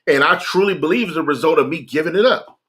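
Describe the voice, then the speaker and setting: Earnest male streamer with a bright, forceful voice, recounting a personal story casually. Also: on the high side, quick pace. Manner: earnest, conversational, repeats phrases for emphasis. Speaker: livestreamer sharing a personal testimony.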